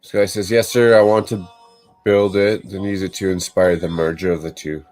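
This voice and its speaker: A man hosting a casual livestream, relaxed and chatty, reading viewer comments aloud and answering them. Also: low-pitched, moderate pace, soft background music. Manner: laid-back, reads viewer chat aloud. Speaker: livestream host.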